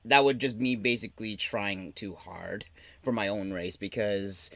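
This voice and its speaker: A man with a bright, edgy tone talks in a soft, hesitant way, often trailing off mid-thought. His voice is dry and close, like a home mic on a call. The talk is loose and casual. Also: lowish voice, steady tone, unhurried, gravelly, no room sound. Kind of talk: casual chat.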